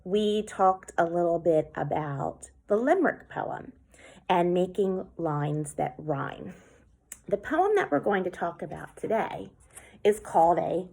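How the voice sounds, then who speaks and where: Slow, lively-voiced woman teaching children. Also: on the low side. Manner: slow, clear, clapping out syllables. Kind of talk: classroom lesson for children.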